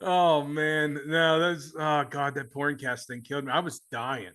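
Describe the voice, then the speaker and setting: A man with a Southern American twang hosting a casual podcast, excitable and rambling, laughing often. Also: a little high, unhurried, clean tone. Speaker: podcast host. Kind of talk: casual chat.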